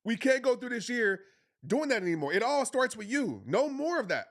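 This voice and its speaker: Very high-pitched and very animated, a man speaking at normal speed hosts a livestreamed motivational talk. Passionate and pushy, he repeats phrases for emphasis, uses casual slang, and calls his audience "y'all."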